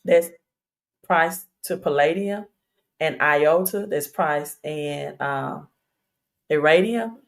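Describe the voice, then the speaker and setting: Here the crypto livestream host talks slowly in a deep, gravelly voice, leaving long pauses. Her casual address to viewers is chatty and insistent, full of fillers and repeated questions, captured on a streaming setup.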